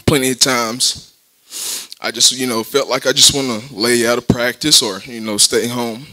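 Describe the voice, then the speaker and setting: A man giving a halting eulogy for a teammate at a memorial service, with laughs between his thoughts. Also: mid-range voice, fairly even intonation, bright, forceful tone, rough recording.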